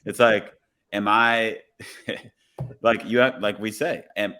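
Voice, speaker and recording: A man who is a police officer, a guest on a podcast, telling a story in a relaxed way and acting out the dialogue. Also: fairly low pitch, slow. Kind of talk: casual podcast conversation, storytelling.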